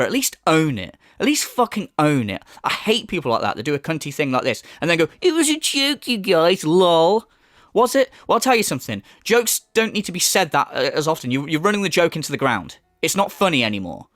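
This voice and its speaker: Brief: male commentator, profane and sarcastic, voice that swings up and down, slightly high, dry close sound. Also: big pitch swings, fast talker, hardly any pauses, a bit bright, no room sound. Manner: profane, mocking, exasperated. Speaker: commentary host. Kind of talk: ranting reaction commentary.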